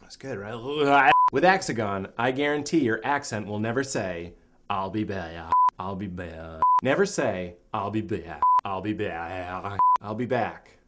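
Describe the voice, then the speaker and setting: A man's voice: medium pitch, animated, moderate pace, background noise, natural voice. A man playing a famous action-star actor who keeps slipping into his thick accent while recording a commercial, stubborn and flustered.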